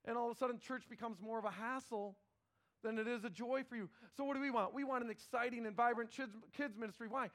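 A middle-aged male pastor preaching a sermon in a conversational, animated way, often repeating words as he starts phrases. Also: very high-pitched, fast.

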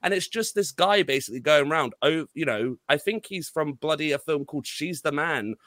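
A man's voice: a little high, lively intonation, a little fast, fairly bright tone, no echo. Exasperated swearing man ranting. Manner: rambling, exasperated, swears often, many restarts. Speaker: podcast co-host. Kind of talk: casual film review chat.

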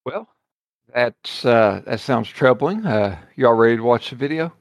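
A man, playing a tabletop game and chatting in a relaxed, joking way. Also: mid-range voice, a little slow, gravelly, no room sound. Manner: relaxed, joking, laughs easily. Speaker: player. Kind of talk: casual chat at a game table.

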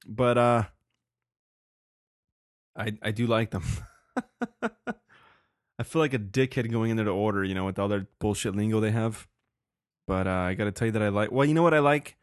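A young man rambles through his solo podcast, cursing freely and laughing at his own asides. His voice sits at an ordinary middle pitch. It is recorded dry and close, with no room sound. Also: no room sound. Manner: profane, rambling, laughs often. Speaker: podcast host. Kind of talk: casual solo podcast talk.

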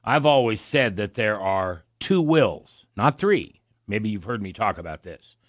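A man's voice: on the low side, measured pace, no room sound, clean studio sound. A man hosting a Christian talk radio show, folksy and thinking aloud, with a cough today. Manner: folksy, animated, thinking aloud with many restarts. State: has a cough.

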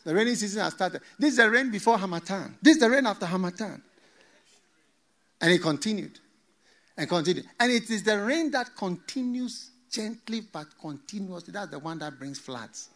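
A high-voiced preacher, telling his sermon as a dramatic story with a lively, swooping delivery. His tone is bright and sharp, and he drops in playful asides. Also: normal speed.

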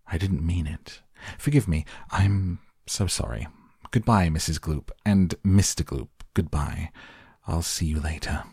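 A man's voice: deep voice, measured pace, warm tone, slightly rough, dry recording, clean studio sound, full character voice. A man voicing a giggling, eccentric chocolate maker with an airy, soothing manner. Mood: breezy.

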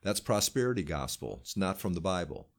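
With a low, sing-song voice and a brisk pace, this pastor speaks earnestly in a casual conversation about faith, frequently quoting scripture.

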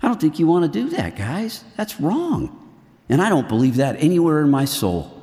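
A middle-aged man preaching to a group of men in a lively, earnest way, swinging between loud and hushed. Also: on the high side, moderate pace, in a large hall. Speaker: men's ministry speaker. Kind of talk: sermon.

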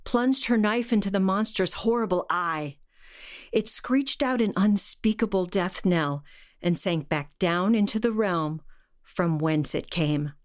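A woman reading a short story aloud in a measured, deadpan narrating voice. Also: medium pitch.

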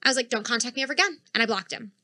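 A woman's voice: on the high side, very fast, no echo. A young woman co-hosting a podcast, telling a long story in casual chat, cursing freely and acting out the people she quotes. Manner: animated, swears freely, acts out quoted dialogue. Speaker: podcast co-host.

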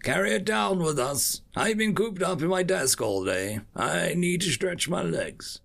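A man's voice: sits high, lively intonation, unhurried, vocal fry, fairly bright tone, pitched above the performer's own voice, exaggerated voice. A man voicing a towering red bird-like male alien commander with a brusque, commanding manner. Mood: imperious.

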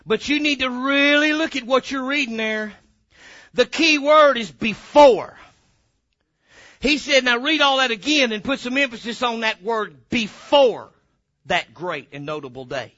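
A man preaching a sermon as pastor, emphatic and fervent, breaking into sudden loud bursts. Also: very high voice, normal speed, muffled recording.

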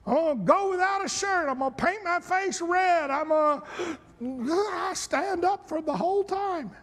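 A middle-aged man preaching a sermon as pastor, building from slow reading to shouted, fervent exhortation. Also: extremely high pitch. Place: church sanctuary. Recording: long hall reverb.

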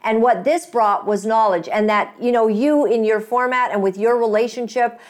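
A woman's voice: on the high side, fairly even intonation, moderate pace. Effusive woman interview host. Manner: grateful, effusive, with many fillers and restarts. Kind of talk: casual interview talk.

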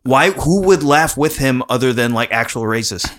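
A man in casual podcast chat, mid-pitched and easygoing. He rambles, restarts his sentences and breaks into laughter as he talks. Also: expressive, normal speed, a bit bright. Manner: chatty, rambling, laughs often. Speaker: podcast co-host.

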